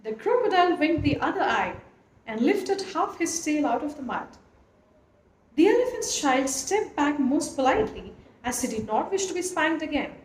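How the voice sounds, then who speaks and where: A woman reads a storybook aloud with a high, lilting voice that swoops expressively. Her telling is animated and lively. The recording has a roomy echo and a faint background hiss. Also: normal speed. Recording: echoey room, faint noise.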